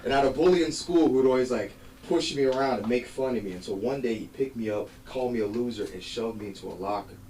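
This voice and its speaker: A man doing a stand-up set, telling stories in a lively way and acting out the voices of other people. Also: mid-range voice, quick pace, hardly any pauses, far from the mic, a little hiss or hum. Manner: animated storytelling, acts out voices. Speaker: stand-up comedian. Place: comedy club stage. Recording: roomy live venue, mic heard from afar, audience. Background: crowd laughter.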